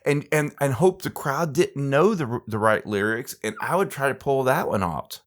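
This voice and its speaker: A man co-hosting a podcast in an easygoing casual chat. He speaks in a halting way, stumbling over and repeating words as he restarts his sentences. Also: mid-range voice, expressive. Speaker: podcast co-host.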